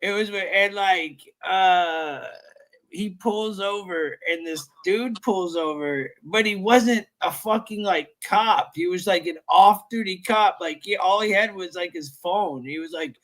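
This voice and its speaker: A man's voice: sits high, a little slow, a bit bright. A young man hosting a late-night livestream, telling stories in loose, profane casual chat full of fillers. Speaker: livestream host.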